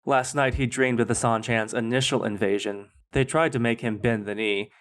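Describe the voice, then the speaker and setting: A man hosting a podcast, reading his own fan fiction aloud in a measured, dramatic way. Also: medium pitch, steady tone. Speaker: podcast host.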